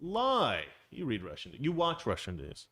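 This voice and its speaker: With huge pitch swings in a mid-range, fairly bright voice, a middle-aged political commentary host speaks a little slowly on his casual talk show. His style is wry and rambling, and he keeps cutting himself off to restart sentences. There's no echo.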